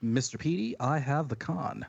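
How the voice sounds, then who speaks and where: A man's voice: medium pitch, normal speed, gravelly, husky, no room sound, lo-fi sound. A man co-hosting a music podcast in casual, jokey chat. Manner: animated, jokey, sports metaphors. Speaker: podcast co-host.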